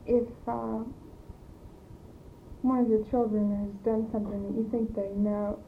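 A woman leads an interview, prompting someone to say set phrases. Her voice stays flat as she halts and restarts. It is an old, tinny tape with a light hiss. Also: a little high, a little slow. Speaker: interviewer eliciting speech samples. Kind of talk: speech elicitation interview.

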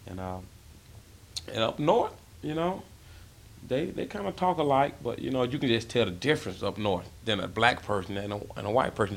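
Gravelly man, rambling with fillers. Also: medium pitch. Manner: rambling, many "you know" fillers, laughs often. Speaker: interviewee. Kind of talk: casual interview about dialect.

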